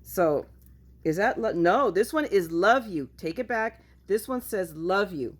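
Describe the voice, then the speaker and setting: A woman's voice: mid-range voice, animated, unhurried, slightly rough. A woman chatting casually at home in a craft haul video, goofy and self-mocking as she shows her finds. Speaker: craft vlogger.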